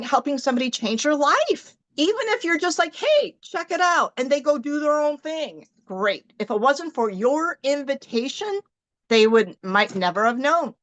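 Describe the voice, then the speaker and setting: A middle-aged woman giving an animated motivational team talk, acting out her own thoughts as she tells stories. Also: high-pitched. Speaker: team leader in direct sales.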